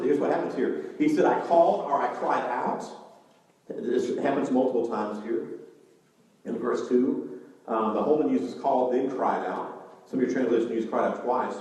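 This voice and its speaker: A man preaching with real animation, his voice jumping up for emphasis and then dropping low and quiet. He is recorded from a distance in a big church hall, and the sound rings with long, echoing reverb. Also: moderate pace. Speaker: pastor. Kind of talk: sermon. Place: church sanctuary.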